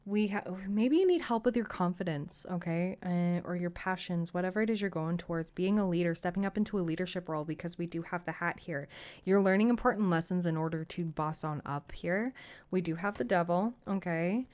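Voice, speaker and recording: A woman's voice: fairly low pitch, brisk, a little mellow. A woman giving a casual tarot reading to camera, effusive and reassuring, with frequent exclamations. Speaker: tarot reader.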